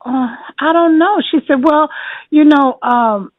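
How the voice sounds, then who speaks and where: An older woman telling her story as an interview guest, animated and laughing often as she acts out what people said. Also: high voice, unhurried, dry recording. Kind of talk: lively storytelling. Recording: tinny phone line.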